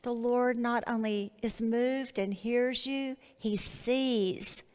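Slow, earnest woman teaching the Bible. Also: fairly high pitch, steady tone, a little mellow, long reverb tail. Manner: earnest, deliberate, pauses between phrases.

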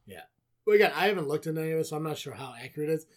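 A man's voice: on the high side, expressive, rapid-fire. A man co-hosting a podcast, recapping wrestling in casual chat, swearing often and sarcastic. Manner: profane, sarcastic, rambling. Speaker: podcast co-host.

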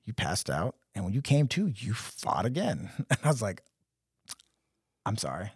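A man's voice: medium pitch, sing-song, normal speed, breathy edge, dry recording, clean studio sound. A young man telling stories in casual podcast chat, acting out quotes in different voices. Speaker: podcast co-host.

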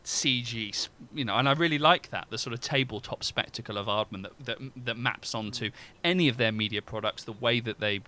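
A man's voice: medium pitch, fairly quick, hardly any pauses, sharp tone. A man discussing animation as a guest scholar, thinking aloud with many restarts. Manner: rambling, many restarts and fillers. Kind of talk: academic discussion.

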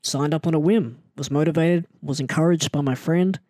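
A man telling a story in a casual, animated and self-mocking way, often jumping into an excited higher voice. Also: moderate pace, no echo, studio quality. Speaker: storyteller recounting his wrestling start.

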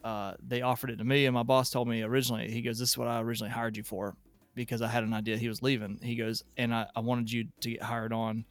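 Animated storytelling man, dry sound. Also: mid-range voice, fast, dry recording, soft background music. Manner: animated, laughs while telling stories. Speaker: podcast guest. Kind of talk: casual storytelling.

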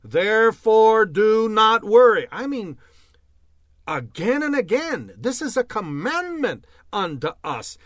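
Male preacher, sermon teaching delivery, emphatic and lively, high voice, dry close sound. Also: slow, dry recording. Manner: emphatic, laughs at himself, many uh fillers; preacherly refrains like amen and bless God.

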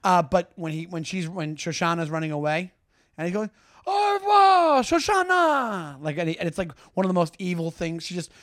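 A man co-hosting a comedy podcast in casual chat, enthusiastic, laughing often and slipping into quick impressions. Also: fairly high pitch, little pitch movement, dry recording, studio quality. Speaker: podcast co-host.

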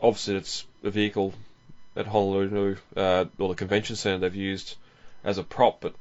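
Hosting a podcast, a man with a fairly low voice gives casual film commentary at normal speed, rambling relaxedly with many ums and chuckling every few lines. The audio sounds dull and lo-fi.

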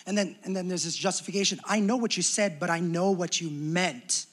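A man's voice: high voice, brisk. A young adult man preaching a sermon as pastor, talking conversationally and acting out little quoted exchanges.

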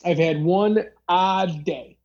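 Slowly, a podcast host rambles through a casual story full of fillers, acting out the dialogue. The voice has a middle pitch and a mellow, darker tone over slightly dull, lo-fi audio.

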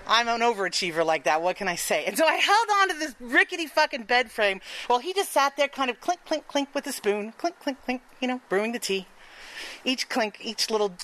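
A woman's voice: fairly high pitch, animated, fairly quick, sharp tone, a little hiss or hum, poor audio. A woman telling a frank, profane story on stage, laughing often, then hosting the next part of the show.

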